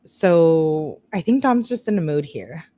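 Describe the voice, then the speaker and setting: A woman's voice: low-pitched, lively intonation, measured pace, mellow. A woman hosting a true-crime video, reading text messages aloud in a casual way and breaking off to react and talk to her viewers.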